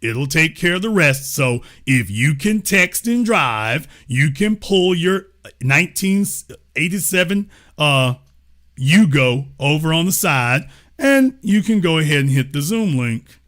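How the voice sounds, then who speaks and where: A man's voice: on the high side, very animated, unhurried, fairly bright tone. A man hosting a livestream political commentary show, talking in a mocking, sarcastic way. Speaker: show host.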